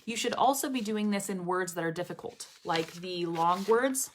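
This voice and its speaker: A woman's voice: lowish voice, moderate pace, a little hiss or hum. A woman teaching English pronunciation in a casual live lesson, repeating drill phrases over and over and often checking in with "okay?".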